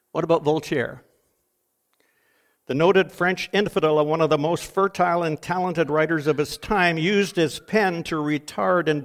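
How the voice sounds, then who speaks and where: An older man delivers a sermon in a fairly high-pitched voice. He reads quoted last words with mounting drama, then drops back to a quieter, earnest tone. The delivery is measured and emphatic. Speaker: preacher.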